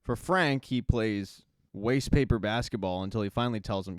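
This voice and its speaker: A man's voice: on the low side, moderate pace, no echo. Chatty male recap host, dry sound. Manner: chatty, with offhand asides. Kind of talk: casual spoken episode recap.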